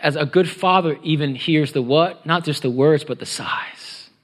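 A man's voice: on the high side, moderate pace. A middle-aged male pastor preaching in a conversational style, dropping to whispers and groans for emphasis. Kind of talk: sermon.

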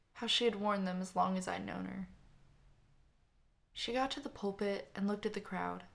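A woman reading a story aloud in a soft, earnest narration. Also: medium pitch, vocal fry. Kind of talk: scripted audiobook narration.

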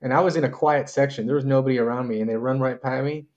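A man's voice: mid-range voice, fast talker, highs cut off. A man co-hosting a podcast, describing what he watched in casual chat, loose and full of fillers. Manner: loose, animated telling with many fillers. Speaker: podcast co-host.

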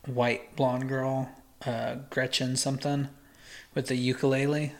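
A man with an ordinary mid-range voice talks through his thoughts on a casual podcast. He hesitates, restarts and fills pauses as he goes. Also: medium pitch, level tone. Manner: hesitant, rambling, many ums and restarts. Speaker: podcast co-host. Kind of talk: casual chat.

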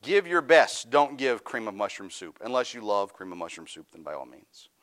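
A man's voice: on the low side, very animated, moderate pace, a bit bright. A middle-aged male pastor preaching a sermon, reading scripture aloud and rising into fervent, raised preaching.

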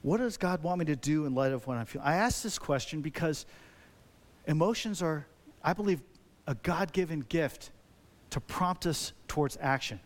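A man preaching a sermon as a pastor, talking conversationally with many rhetorical questions and lively, animated delivery. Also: on the high side, moderate pace.

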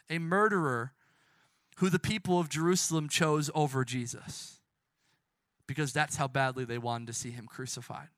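A young male preacher with a high, bright voice, delivering a fervent sermon. He swings between loud, shouted crowd lines and hushed, drawn-out quotes. The sound is dry and close. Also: no echo.

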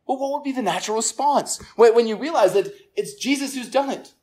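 Here the pastor's mid-range voice moves briskly as he preaches to the assembled congregation in a church service room. Earnest throughout, he leans on repetition and falls quiet for emphasis.

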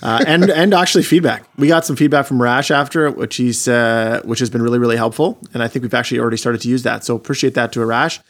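Male podcast host, mid-pitched, friendly, casual, stop-start delivery. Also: quick pace, few pauses, fairly bright tone. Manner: friendly, restarts often.

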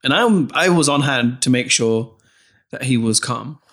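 A man co-hosting a podcast, relaxed and teasing in casual chat. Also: mid-range voice, a little slow. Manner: teasing, relaxed, many fillers. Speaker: podcast co-host.

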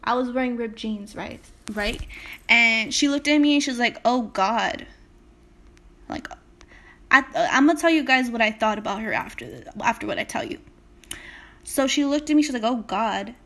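A young woman from Salinas, California, hosts a casual motivational podcast, addressing her listeners directly with emphatic storytelling full of swearing. Her voice is a little high and fairly bright, and she talks fairly quickly.

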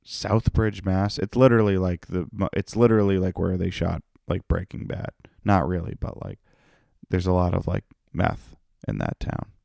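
A man's voice: sits low, moderate pace, creaky, a little mellow, dry recording, clean studio sound. A comedian hosting his own podcast, rambling and profane in a tired, self-mocking solo monologue. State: tired, yawning.

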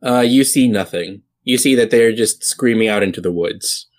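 A man narrating as game master in a casual tabletop game, halting and full of fillers and restarts. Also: fairly low pitch.

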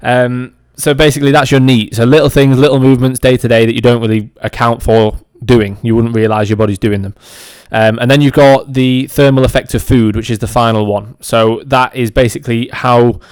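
A man's voice: medium pitch, fairly even intonation, fairly quick, hardly any pauses, darkish tone, clean tone, dry recording. A man hosting a podcast, explaining a topic in a loose, conversational way with frequent ums and restarts. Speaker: podcast host. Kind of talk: educational monologue. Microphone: audio-only recording.

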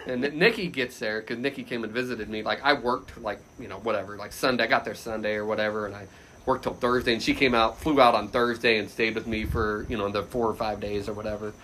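Animated man telling a story, bright voice. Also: fairly low pitch, quick pace, a little hiss or hum. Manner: animated, loose, frequent laughter, shouts quoted lines loudly. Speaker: podcast guest. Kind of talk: casual anecdote storytelling.

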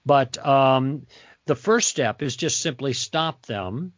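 A man's voice: mid-range voice, animated, takes it slowly, no room sound. Teacherly man on a dull dry line. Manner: teacherly, acts out sample dialogue. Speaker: guest author. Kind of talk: interview, explaining conversation tactics.

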